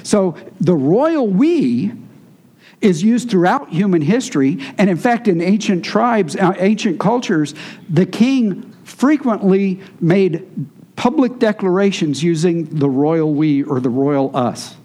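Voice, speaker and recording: High-ish mellow guy preaching, chatty teaching sermon. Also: animated, slow pace. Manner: teaching, conversational with congregation. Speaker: pastor.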